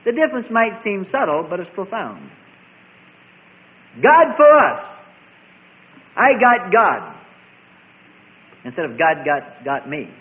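A man's voice: sits high, big pitch swings, moderate pace. A man preaching a sermon, driving his points home by repeating and contrasting phrases. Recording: tinny phone-like sermon recording.

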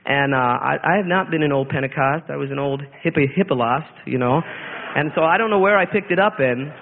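A man's voice: on the high side, brisk, gravelly, slight background noise. Earnest man testifying on tinny tape. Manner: earnest, rambling, with frequent restarts. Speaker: church member giving testimony. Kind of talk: spoken testimony in church. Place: church hall. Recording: tinny lo-fi tape in a reverberant hall.

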